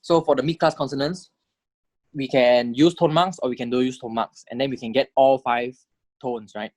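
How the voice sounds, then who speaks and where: A man giving a lecture on tones, explaining step by step, checking in with the class and saying sample syllables aloud in swooping pitches. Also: dry recording. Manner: explanatory, checks in with "right?" and "correct?". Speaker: language teacher.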